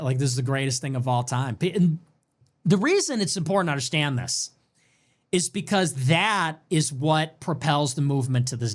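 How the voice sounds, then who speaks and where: A man giving an emphatic, animated political monologue, full of "like" fillers and restarts. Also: on the high side. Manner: animated, emphatic, swings between excited and somber. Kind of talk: casual monologue.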